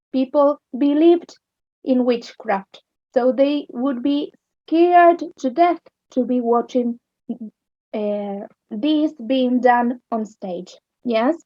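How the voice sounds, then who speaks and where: A woman with an Argentine accent teaching English literature, explaining slowly and checking understanding with "yes?". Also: fairly high pitch, dry recording. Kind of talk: recorded online lesson. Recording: dull lo-fi sound.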